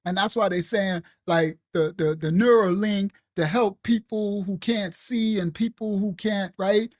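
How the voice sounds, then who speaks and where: A woman giving a casual, animated teaching on a late-night live stream. She talks straight to her viewers, repeats herself and laughs often. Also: medium pitch, measured pace, no echo, studio quality. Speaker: ministry teacher.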